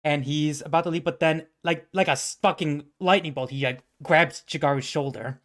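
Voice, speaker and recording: A man's voice: a little high, fairly even intonation, normal speed. A man narrating a tabletop role-playing game as game master, rambling and swearing when he loses his place. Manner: rambling, swears when flustered, laughs at own slips.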